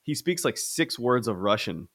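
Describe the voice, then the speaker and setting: A man's voice: mid-range voice, normal speed. Young adult man, casual podcast co-host, loose rambling delivery with frequent restarts. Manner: rambling, animated, many restarts. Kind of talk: casual film discussion.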